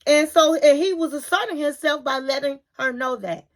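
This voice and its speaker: A woman's voice: high voice, moderate pace. A woman with hosting a casual reality TV recap, animatedly retelling scenes and acting out what people said. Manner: animated retelling, acting out quotes, chatty asides.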